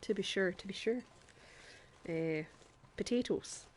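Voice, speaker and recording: A woman's voice: medium pitch, measured pace, a little mellow, a little hiss or hum. A woman streamer chatting to her viewers in a put-on Irish accent while she plays a game, often laughing as she talks. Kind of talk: live gameplay commentary.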